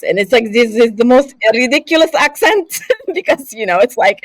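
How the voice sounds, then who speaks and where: A woman's voice: high voice, moderate pace, no room sound. A woman raised in Saudi Arabia, a voice actor telling stories candidly in a casual interview. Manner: candid, animated storyteller. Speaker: voice actor guest.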